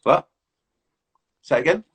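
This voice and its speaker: A middle-aged man from South London with a South London accent, hosting a chatty, slangy podcast over a video call and laughing often. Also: takes it slowly. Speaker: podcast host. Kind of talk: casual chat on a video call.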